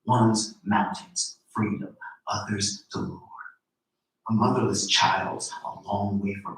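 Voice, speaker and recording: A man giving a slow, deliberate, rhythmic live poetry reading. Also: fairly low pitch, fairly bright tone. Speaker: poet reading his work. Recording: very echoey room, voice from far off.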